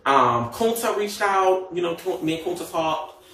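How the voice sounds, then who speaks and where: A man's voice: fairly high pitch, sing-song, normal speed, fairly bright tone, reverberant, recorded from a distance. A man chatting casually on a livestream, sassy and gossipy, with many fillers and asides.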